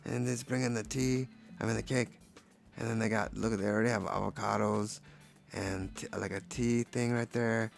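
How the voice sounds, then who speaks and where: A man's voice: lowish voice, level tone, normal speed, vocal fry. A man casually commenting on his own paintings in a playful, rambling, jokey way. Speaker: painter showing his work.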